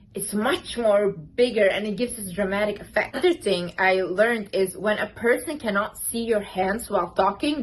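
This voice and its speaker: A woman's voice: mid-range voice, a little hiss or hum, rough recording. A young woman vlogger giving casual, emphatic confidence advice to camera, full of "like"s and "literally"s. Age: young adult. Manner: chatty and emphatic, many "like"s and "literally"s. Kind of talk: casual motivational talk to camera.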